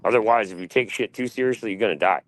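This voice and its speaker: Fast-talking, blunt, profane man. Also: on the low side. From United States. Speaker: podcast panelist. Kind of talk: casual opinion rant.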